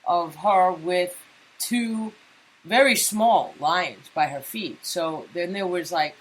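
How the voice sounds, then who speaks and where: A woman's voice: on the low side, slow pace, slight background noise, poor audio. A woman co-hosting a talk radio show, chatty and opinionated, with lots of fillers. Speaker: co-host. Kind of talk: casual talk radio banter.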